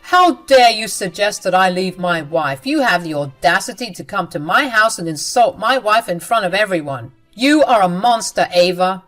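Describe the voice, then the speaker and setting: Woman doing a firm, indignant husband, protective, mid-pitched, faint music. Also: expressive, normal speed, fairly bright tone, natural voice. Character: angry protective young husband.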